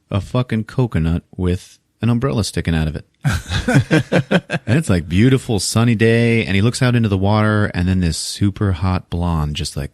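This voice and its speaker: Podcast host, male, deep-ish voice with a very animated delivery; retells film scenes and does the characters' voices, dry studio sound. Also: dry recording. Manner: animated retelling, acts out characters' lines, laughs often, swears a lot. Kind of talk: casual movie recap.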